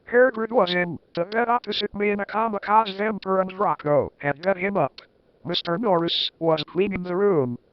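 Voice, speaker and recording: A man gives a comic dramatic reading at a moderate pace, adding wry, sarcastic asides. His voice sits high, and the recording is dull, lo-fi and dry with no echo.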